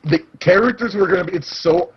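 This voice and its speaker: A young man, co-hosting a casual podcast chat, excitable and quick to laugh. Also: sits high, slightly rough, muffled recording. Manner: excitable, jumps between topics, laughs often. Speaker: podcast co-host.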